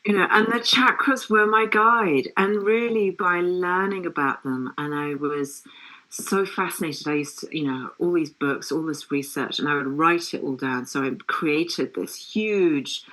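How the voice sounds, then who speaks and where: A middle-aged woman, a yoga teacher, chatting as a guest in an interview and telling stories with lively laughter. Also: fairly low pitch, measured pace, low-quality recording. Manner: animated, laughing storyteller. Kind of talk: casual interview chat.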